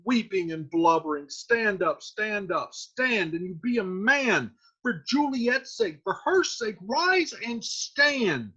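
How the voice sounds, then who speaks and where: A man's voice: high voice, fairly bright tone, breathy edge, voice pushed up, heavily acted. A man voicing a fussy older female nurse who pleads and repeats herself. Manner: fussing, repetitive pleading. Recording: dull lo-fi recording.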